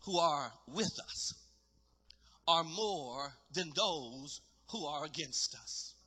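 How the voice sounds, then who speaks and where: A preacher giving voice to an old prophet, half awake and completely at ease, in a storytelling sermon. The voice drops deep and goes soft and unhurried. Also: male voice, lively intonation, husky, heavily acted. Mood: calm. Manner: hushed, slow and unbothered. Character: calm, sleepy old male prophet.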